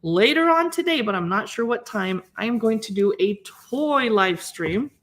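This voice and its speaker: A woman's voice: fairly high pitch, expressive, moderate pace, a bit bright. A woman hosting a casual live stream, chatting enthusiastically as she flips through cookbooks and muses aloud over recipes. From Seattle area. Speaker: cookbook channel host.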